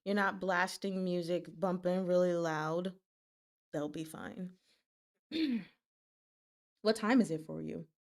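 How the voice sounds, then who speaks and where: Her voice sits on the low side, slow-paced with long pauses. She's a narrator and live-stream host reading a novel aloud to listeners, keeping the narration steady and giggling and chatting with them between readings.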